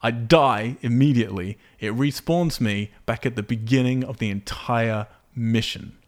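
A man with a medium-pitched voice at normal speed chats casually on a podcast about a video game. An animated storyteller, he tells frustrated stories, swearing freely and acting out his exasperation with exclamations.

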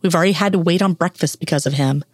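A woman reading a gruff, scowling brother. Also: lowish voice, fast talker, no echo, clean studio sound, natural voice. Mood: impatient. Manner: gruff, impatient tone. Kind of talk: reading fan fiction aloud.

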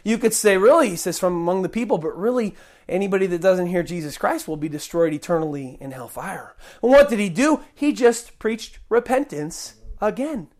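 A male pastor preaching a sermon, swinging between loud bursts and quiet asides. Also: high voice, lively intonation, moderate pace.

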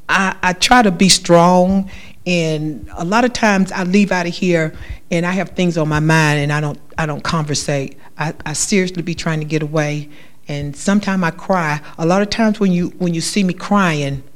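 A woman's voice: on the low side, a little mellow. A woman giving a spoken testimony in church, talking in an emphatic, repetitive, conversational way.

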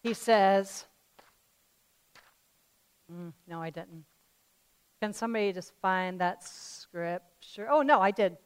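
A woman pastor preaching a sermon, swinging between loud fervent declarations and quiet conversational asides, telling a parable in a chatty way. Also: mid-range voice, takes it slowly, long pauses, clear, resonant tone. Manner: tells a parable in a chatty storytelling way.

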